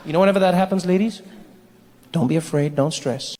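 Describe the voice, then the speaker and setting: Male stand-up comedian, high voice, animated, playful, long hall reverb. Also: fairly quick. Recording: hall reverb, faint noise.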